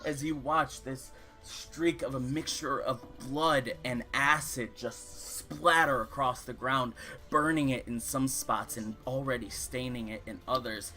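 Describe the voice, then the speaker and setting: A young man narrating as dungeon master, describing the fight in lively detail and calling for rolls. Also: mid-range voice, unhurried, soft background music. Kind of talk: narrating a tabletop game.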